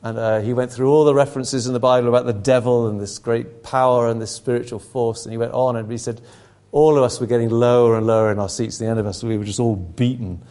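A man's voice: medium pitch, steady tone, fast, few pauses, warm tone. A middle-aged man preaching a sermon, emphatic, his intensity rising and falling.

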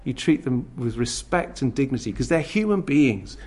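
A man preaching a sermon. He swings from loud emphasis to near-whispered asides and acts out scornful voices. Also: medium pitch, lively intonation, normal speed.

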